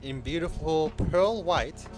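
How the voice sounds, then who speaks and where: A man's voice: fairly high pitch, takes it slowly, music in the background. A man live-streaming a game, joking and laughing as he talks to his chat in a playful, casual way.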